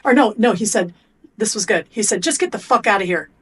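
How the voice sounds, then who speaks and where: A woman's voice: medium pitch, a little fast, husky. A middle-aged woman being interviewed as a performance coach, telling blunt stories and acting out both sides of conversations. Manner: animated storyteller acting out coach and athlete exchanges; blunt, swears casually. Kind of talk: podcast interview.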